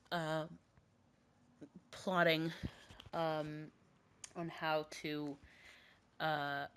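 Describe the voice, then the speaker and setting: A woman's voice: low-pitched, clear, resonant tone. A woman hosting a podcast, with a cough, casually retelling a myth in a rambling, filler-heavy way. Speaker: podcast host.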